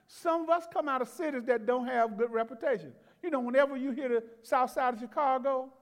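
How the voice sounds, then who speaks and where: A male pastor preaching a Bible-teaching sermon in a folksy, conversational way, with chuckles, repeated words and loud bursts of emphasis. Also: extremely high pitch, long reverb tail. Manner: rises to loud exclamations for emphasis. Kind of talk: expository sermon.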